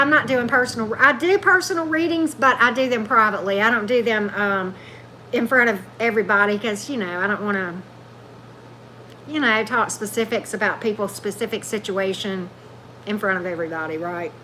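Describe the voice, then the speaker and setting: A woman's voice: on the high side, pushed and bright, a little hiss or hum, low-quality recording. A woman hosting a tarot livestream, chatting loosely and answering viewer comments as they come in. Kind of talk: casual livestream chat with viewers.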